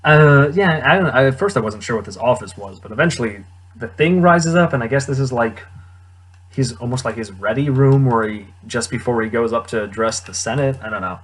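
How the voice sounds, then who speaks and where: Young man reviewing a film, husky, slightly breathy tone, loose and wry delivery with frequent chuckles. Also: medium pitch, lively intonation, fairly quick. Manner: rambling, wry, chuckling often. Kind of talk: casual movie commentary.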